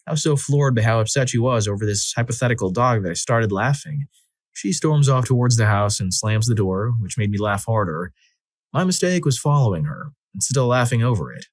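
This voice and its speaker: A man reading listener stories aloud as the narrator of a compilation, in an expressive, dramatic style that acts out the quotes. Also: mid-range voice, a little fast, dry recording. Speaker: story narrator. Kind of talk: scripted narration of reader stories.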